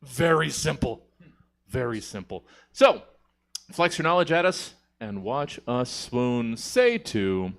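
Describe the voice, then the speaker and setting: A man hosting a live comedy panel show, playful and laughing, swearing casually as he introduces segments. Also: fairly high pitch.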